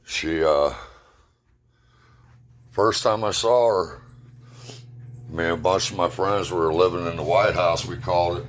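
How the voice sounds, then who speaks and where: A man's voice: low voice, measured pace, long pauses. A middle-aged man telling personal stories at home in a rambling, plain-spoken, profane way. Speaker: storyteller. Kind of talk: casual personal storytelling.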